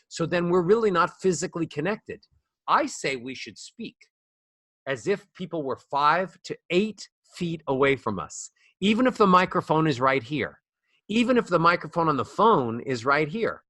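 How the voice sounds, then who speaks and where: A man's voice: fairly high pitch, very animated, normal speed, bright, forceful tone, dry recording, clean studio sound. A middle-aged man, a voice coach being interviewed, talking in a demonstrative way and shifting volume and melody to show his examples. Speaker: voice coach guest. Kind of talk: animated interview talk. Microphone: small ball microphone close up.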